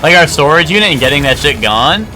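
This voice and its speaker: A man's voice: fairly high pitch, animated, fast, sharp tone, soft background music. A young man streaming a game live, rambling and joking with crude banter to his chat. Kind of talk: casual live gameplay chat.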